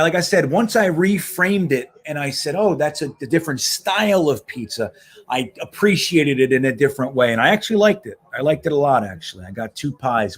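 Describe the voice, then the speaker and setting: A man hosting a casual live stream, chatting loosely and reacting to plays as he talks with viewers. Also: medium pitch. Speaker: livestream host. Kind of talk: casual live watch-along chat. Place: home in Miami.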